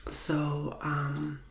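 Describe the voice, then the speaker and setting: A man speaking in a soft whisper as an ASMR tarot reader, with a nasal, slightly stuffy voice from a recent illness and a casual manner full of fillers. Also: fairly high pitch, gravelly, reverberant.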